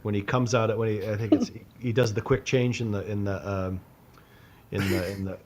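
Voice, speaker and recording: A man's voice: on the low side, steady tone, brisk, a little mellow. A man co-hosting a podcast in a casual movie chat, telling stories in a rambling way. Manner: rambling storyteller, many restarts. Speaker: podcast co-host.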